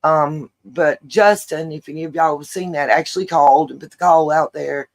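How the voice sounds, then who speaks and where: Gravelly woman rambling on livestream. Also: sits low, normal speed, low-quality recording. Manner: rambling, chatty, many fillers. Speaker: livestream host. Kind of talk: casual livestream chat.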